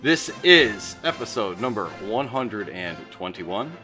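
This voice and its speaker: A man's voice: lowish voice, big pitch swings, measured pace, over music. A man in his forties hosting a casual podcast, upbeat and jokey, often trailing off mid-sentence. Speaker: podcast host.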